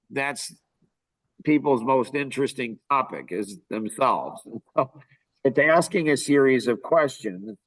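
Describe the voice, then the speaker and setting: A man's voice: medium pitch, fairly bright tone, dry recording, rough recording. Dry, close-miked man coaching recruiters. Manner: conversational coaching, repeats and rephrases points. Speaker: recruiting trainer. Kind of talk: instructional podcast talk.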